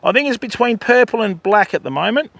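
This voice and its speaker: An older man with a gravelly, fairly high-pitched voice hosts a casual fishing livestream outdoors. He chats freely and greets his viewers one by one. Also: animated, a little fast, a bit bright. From Australia. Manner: chatty, greets viewers by name. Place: outdoors by a river.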